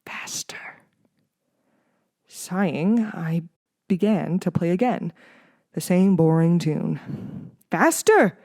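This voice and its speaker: A podcast host reading a children's horror book aloud in dramatic, expressive narration with a few small slips. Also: mid-range voice, slow, long pauses, no echo, studio quality. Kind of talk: audiobook-style narration.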